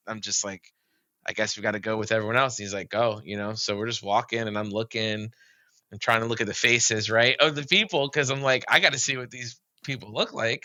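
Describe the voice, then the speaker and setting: Gravelly, bright-toned man telling a story. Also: lowish voice, no room sound, lo-fi sound. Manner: rambling, full of "like" and "you know". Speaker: podcast guest. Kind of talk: casual storytelling.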